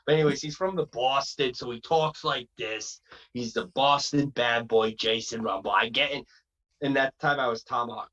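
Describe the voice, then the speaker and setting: A man's voice: medium pitch, moderate pace, sharp tone, lo-fi sound. A man from Massachusetts, a wrestler, telling a long road-trip story in a rambling, casual way. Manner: rambling, acts out quotes in other voices. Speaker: wrestler guest.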